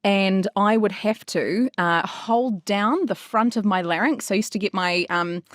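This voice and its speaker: A woman's voice: mid-range voice, unhurried, no room sound, clean studio sound. A woman who works as a voice therapist, co-hosting a podcast and explaining her own experience in a reflective way. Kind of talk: casual chat.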